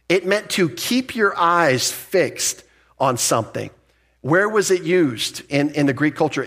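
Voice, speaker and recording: A man's voice: fairly high pitch, a bit bright. Middle-aged guy pastor doing a bible teaching, chatty and emphatic, keeps restarting sentences. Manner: conversational, emphatic, restarts and asides.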